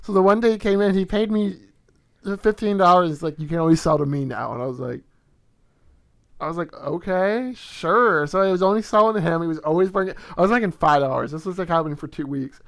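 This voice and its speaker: Young male podcast host, slightly high gravelly voice, dry mic, animated storyteller. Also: fairly quick, dry recording. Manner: animated, swearing, acts out quotes in storytelling. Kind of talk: casual storytelling chat.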